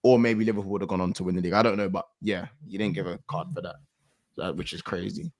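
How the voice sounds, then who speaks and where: Calm low-voiced young man, dry sound. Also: dry recording. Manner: measured, hedging with "I'm pretty sure". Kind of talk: casual football chat.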